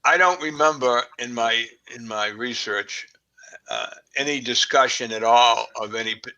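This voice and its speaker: Bright-voiced Boston man, halting. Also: medium pitch, highs cut off. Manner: halting, many fillers and restarts. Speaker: forensics expert guest. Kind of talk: casual conversation.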